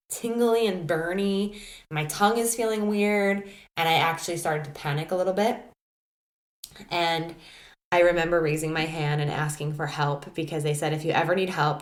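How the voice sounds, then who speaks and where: A woman hosting a solo podcast, telling a personal story in a candid, animated way, full of "like" and restarts. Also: deep voice, echoey room. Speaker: podcast host.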